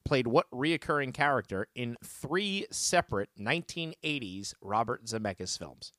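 A man hosting a trivia podcast in casual chat, telling funny stories and reading questions slowly. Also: medium pitch, no room sound, clean studio sound. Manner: animated storyteller, joking, reads questions slowly. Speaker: trivia quiz host.

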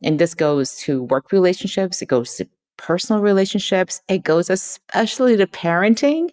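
A woman's voice: lowish voice, lively intonation, normal speed, a little mellow. A woman guest in a conversational interview, talking earnestly and acting out quoted lines. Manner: earnest, acts out quoted dialogue.

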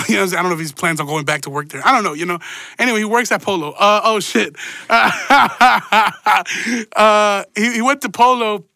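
A man's voice: fairly high pitch, sharp tone, no room sound. A man telling a rambling, profane story in a casual monologue, with laughing asides.

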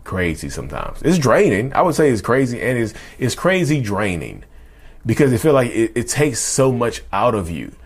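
A man in his thirties with a baritone voice, hosting a podcast in a casual, rambling monologue that often restarts and calls listeners y'all. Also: husky. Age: 30s. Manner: rambling, repeats himself, addresses listeners as y'all. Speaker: podcast host.

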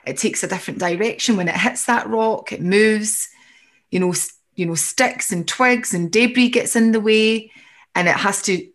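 Woman coach, calm and reassuring, average pitch, reflective delivery. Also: normal speed. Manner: reassuring, reflective, voices inner thoughts. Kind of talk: coaching conversation.

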